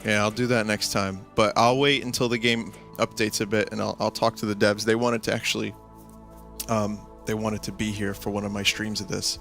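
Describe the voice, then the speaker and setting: A man's voice: fairly low pitch, level tone, normal speed, gravelly, a bit bright, faint music behind. A man streaming a game, chatting casually with a loose, profane manner and frequent laughter.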